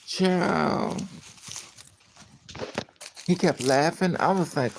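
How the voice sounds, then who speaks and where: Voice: medium pitch, lively intonation, slow pace, gravelly, pauses often, darkish tone, a little hiss or hum. A livestreamer in casual chat with viewers, telling stories bluntly and with lots of swearing, sounding tired and trailing off at times. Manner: profane, blunt storytelling.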